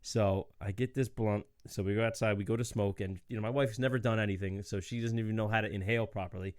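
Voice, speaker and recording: A man's voice: on the low side, fairly even intonation, quick pace, no echo, clean studio sound. A young adult man hosting a podcast, telling stories in a laid-back way, swearing freely and laughing often. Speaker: podcast host. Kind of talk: casual storytelling chat.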